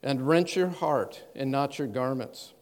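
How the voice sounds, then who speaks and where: A man preaching a sermon, reading scripture aloud with measured stress and then explaining it in plain words. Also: mid-range voice, a little mellow. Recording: long hall reverb.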